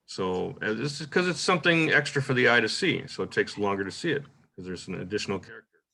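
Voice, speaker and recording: Gravelly low-voiced man lecturing on poetry. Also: fast talker. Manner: explains points by reading the same example line aloud several ways; relaxed, thinking aloud with frequent "uh" and "right?". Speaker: poetry workshop host. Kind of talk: informal lecture on poetry craft.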